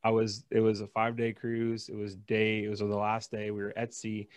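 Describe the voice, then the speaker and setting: A man co-hosting a casual podcast, an animated storyteller who acts out the people in his stories. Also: on the low side, a little fast, smooth, no room sound. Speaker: podcast co-host. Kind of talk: casual chat.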